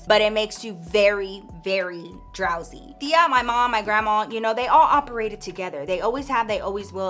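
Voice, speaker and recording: A woman YouTuber telling a storytime vlog in an animated, emphatic, chatty way. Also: medium pitch.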